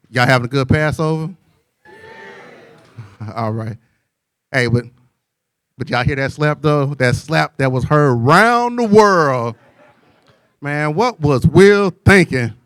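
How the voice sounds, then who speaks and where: A man's voice: fairly high pitch, fairly bright tone, dry recording, clean studio sound. A man doing stand-up comedy with playful, teasing banter aimed at the audience.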